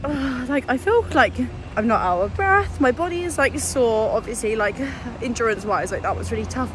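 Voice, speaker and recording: A woman's voice: on the high side, expressive, brisk, few pauses, background noise. Out of breath woman vlogging on a run. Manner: breathless, emotional self-encouragement, frequent swearing. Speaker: fitness vlogger. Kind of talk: casual vlog while running. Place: outdoors on roads.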